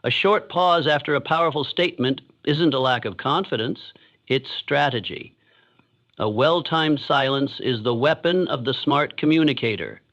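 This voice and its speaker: A man reads a motivational script in a measured, deliberate way, leaving pauses so each point lands. His voice sits a little high for a man. The recording is dull and lo-fi. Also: a bit bright. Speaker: narrator.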